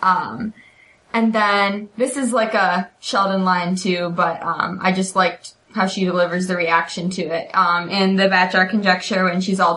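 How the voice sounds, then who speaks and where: A young woman co-hosting a podcast in casual chat, quickly retelling favorite sitcom scenes with lots of "um" and "like". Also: on the low side, level tone, sharp tone, rough recording. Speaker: podcast co-host.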